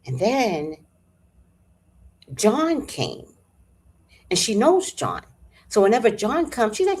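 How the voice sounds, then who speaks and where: A woman vlogger telling a story in a casual, animated and profane way, sighing and clearing her throat often. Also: mid-range voice, a little slow, long pauses.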